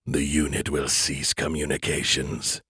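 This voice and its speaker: A man voicing menacing alien creators, low and slow. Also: breathy edge, no echo, clean studio sound, full character voice. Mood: contemptuous. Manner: slow, flat and ominous.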